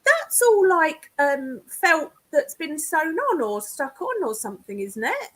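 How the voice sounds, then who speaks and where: A woman's voice: high voice, big pitch swings, unhurried, a bit bright. An English woman on a casual video chat, chatty and teasing, laughing often. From England. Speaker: guest clairvoyant.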